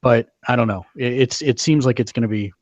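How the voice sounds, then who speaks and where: A man's voice: mid-range voice, a little fast, no room sound, highs cut off. A man in casual talk over a card game, reading out viewer comments and weighing strategy. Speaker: card game player and co-host. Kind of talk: casual gameplay chat.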